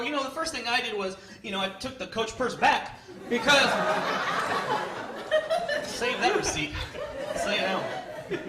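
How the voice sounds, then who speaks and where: Man, thirties, stand-up comedian, high voice, animated, Spanish words, live club, audience noise. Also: roomy sound. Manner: animated, loud punchlines, mixes Spanish words.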